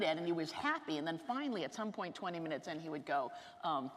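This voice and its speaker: A woman around sixty telling comic stories on stage, fast, animated and self-mocking. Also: low-pitched. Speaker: author giving a talk. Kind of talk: comic storytelling talk on stage. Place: large lecture hall. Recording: reverberant hall with faint noise.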